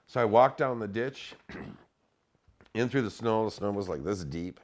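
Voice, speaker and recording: Speaking at a measured pace, a middle-aged man with a somewhat low voice tells a casual story. He swears freely and performs the dialogue in a raised, animated voice.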